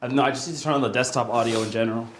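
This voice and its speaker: A man's voice: medium pitch, fairly even intonation, rapid-fire, noisy background. A man co-hosting a live stream, chiming in with short casual remarks and agreement. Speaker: streamer's co-host.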